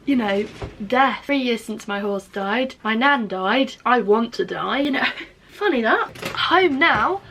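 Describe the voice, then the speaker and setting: A woman, vlogging her day to a phone camera in a chatty, swearing, deadpan darkly funny way. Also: on the high side, a little hiss or hum, low-quality recording. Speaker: vlogger and podcaster. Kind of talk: casual day-in-my-life vlog talk to camera. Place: in a car, then outdoors walking, then at home.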